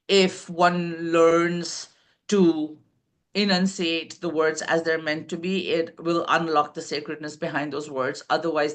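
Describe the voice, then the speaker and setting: A woman co-hosting a spiritual podcast conversation, talking in a deliberate way and pausing often with fillers. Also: lowish voice. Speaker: podcast co-host.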